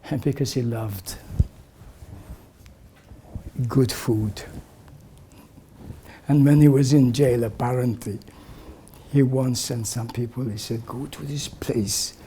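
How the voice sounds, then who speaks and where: An older man recalling memories for a gathering in a slow, reflective way, his voice often sinking to a soft, breathy near-whisper. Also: medium pitch, fairly even intonation, a little hiss or hum. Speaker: community elder sharing memories. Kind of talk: reminiscing talk to a gathering.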